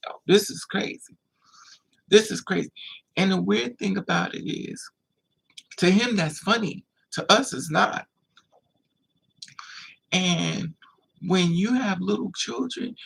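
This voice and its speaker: A man hosting a livestream, telling a personal story in a casual, animated way and acting out the voices of the people in it. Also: sits high, slow pace, creaky, breathy edge, low-quality recording. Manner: animated, acts out quoted voices.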